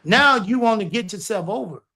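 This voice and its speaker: A man's voice: high voice, animated, normal speed, pushed and bright. A man co-hosting a casual podcast chat as a former wrestler, boastful and teasing as he talks over the others.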